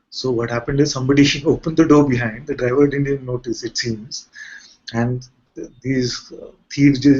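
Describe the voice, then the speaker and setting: Husky man giving a spiritual talk. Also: medium pitch, darkish tone. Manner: conversational, asks rhetorical questions. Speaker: spiritual teacher. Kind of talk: satsang talk to a gathering. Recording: muffled lo-fi recording.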